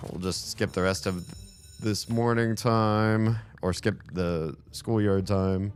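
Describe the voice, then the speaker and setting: A man with a voice that is going hoarse gives casual, rambling gameplay commentary and swears freely. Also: fairly low pitch, fairly even intonation, slow, faint music behind. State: losing his voice. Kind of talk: casual let's-play commentary.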